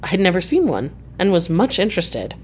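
A woman reading a classic novel aloud as scripted narration, in a measured, even way. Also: on the low side, a little hiss or hum. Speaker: audiobook reader.

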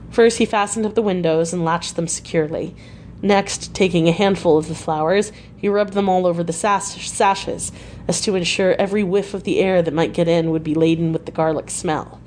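A woman reading a diary novel aloud in a measured, unhurried way. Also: lowish voice, darkish tone, slight background noise. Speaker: audiobook reader.

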